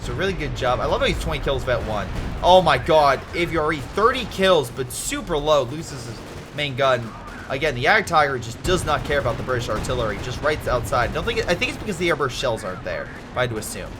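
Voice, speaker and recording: A man casually commentating a strategy game replay, animated and excitable, joking and swearing at the screen. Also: medium pitch, fairly quick, music in the background.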